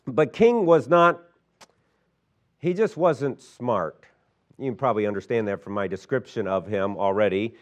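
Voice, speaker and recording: A man's voice: on the low side, measured pace. A middle-aged male pastor telling a folksy story in a sermon, rambling with lots of fillers and restarts.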